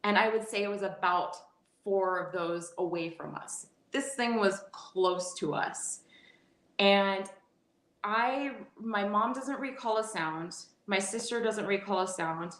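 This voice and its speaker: A woman in her forties, a guest telling a personal story in a casual interview, animated and quick to laugh, often restarting her sentences. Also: medium pitch. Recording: echoey room.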